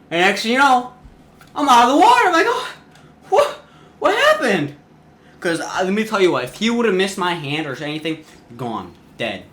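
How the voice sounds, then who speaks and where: A teenage boy vlogger telling a casual story-time tale in an animated way, often restarting his sentences. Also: on the high side. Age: teens. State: sweating in the heat.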